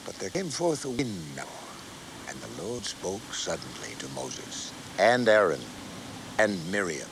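A man narrating a scripture story in an expressive, archaic reading style. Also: low-pitched, takes it slowly, creaky, a little hiss or hum, poor audio.

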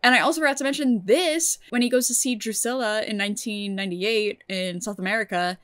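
A woman's voice: a little high, a little fast, a bit bright. A young woman casually reviewing a TV episode. She gushes, swears freely and fills her talk with "like". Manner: gushing and emotional, swears, many "like" fillers.

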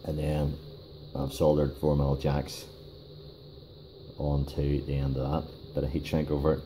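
A man giving a casual hands-on workshop demonstration, talking in a halting way with many fillers and restarts. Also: extremely low pitch, monotone, mellow, a little hiss or hum, rough recording. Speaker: DIY car repair video host.

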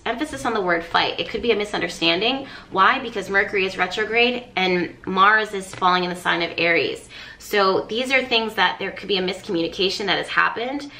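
Speaking in a lowish, sharp voice, this woman works as an astrologer and tarot reader. She offers viewers an informal astrology reading in an earnest, coaching manner, restating phrases to drive them home.

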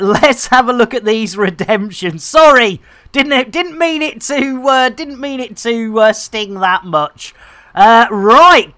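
A woman's voice: on the high side, a bit bright, dry recording, studio quality. A woman streamer giving cheeky, bantering live commentary into a desk microphone.

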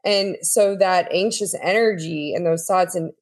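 A woman guest on a faith-based podcast, telling a story in an earnest, animated way. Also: on the low side, a little slow. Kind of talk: casual faith-based conversation.

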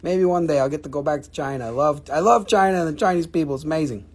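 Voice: mid-range voice, fast talker, slightly rough. A live-stream rock and mineral seller chatting casually, with joking, profane, rambling sales patter.

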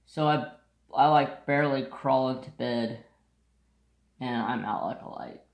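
A man's voice: medium pitch, a little slow, creaky, roomy sound. A man chatting casually to camera, telling a rambling story and sidetracking often, with blunt, offhand asides. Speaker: craft vlogger.

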